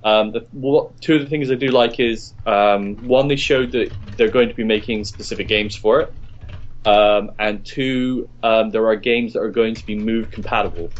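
A man's voice: lowish voice, steady tone, moderate pace. A man on a casual gaming podcast, giving his opinion hesitantly with frequent ums. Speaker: podcast co-host. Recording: dull lo-fi podcast audio.

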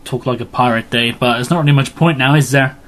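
A man's voice: medium pitch, fast talker, a bit bright, a little hiss or hum. A man hosting a casual podcast, joking around and slipping into pirate talk. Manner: jokey, slips into pirate talk. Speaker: podcast host.

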